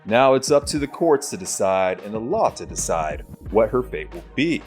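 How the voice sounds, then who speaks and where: Male host, low voice with a swinging, animated delivery; lectures emphatically in a commentary wrap-up. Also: moderate pace, faint music behind. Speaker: show host. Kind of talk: commentary sign-off.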